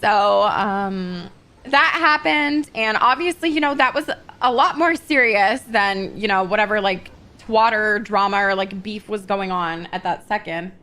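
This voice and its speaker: A woman's voice: mid-range voice, a little slow, bright, forceful tone. A woman in a casual in-character roleplay chat, venting freely and swearing often as she tells a story. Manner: vents freely, heavy swearing, breezy filler like "blah blah".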